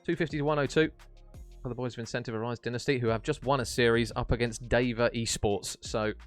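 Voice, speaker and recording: A man casting an esports match on stream, chatty and jokey, chatting warmly with his viewers. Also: medium pitch, fairly even intonation, fast talker, soft background music. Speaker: esports caster. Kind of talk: casual stream commentary reading chat.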